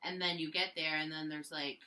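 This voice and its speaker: Woman, casual listener, sharp bright tone, asks questions. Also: low-pitched, level tone, a little fast. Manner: supportive listener asking questions. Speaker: friend listening. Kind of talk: casual chat.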